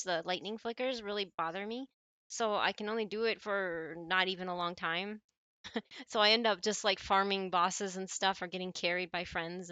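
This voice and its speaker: A woman's voice: medium pitch, sharp tone, clean tone, dry recording. An American woman streaming games, chatting casually with viewers and rambling with frequent restarts and self-corrections. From United States. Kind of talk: casual gaming stream chat.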